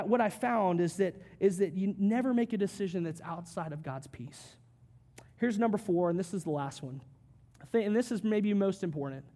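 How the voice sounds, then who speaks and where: A male pastor giving a conversational sermon, with joking asides and quick acted quotes. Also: high-pitched, darkish tone.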